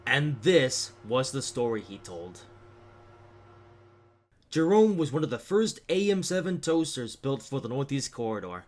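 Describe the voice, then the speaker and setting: A man narrating a cartoon story in a plain, steady manner. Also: mid-range voice, unhurried.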